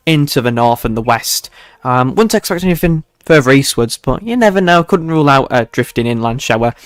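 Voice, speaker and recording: A man's voice: medium pitch, dry recording. A young man hosting a casual livestream weather forecast, chatty and self-mocking, chuckling often as he talks to his viewers.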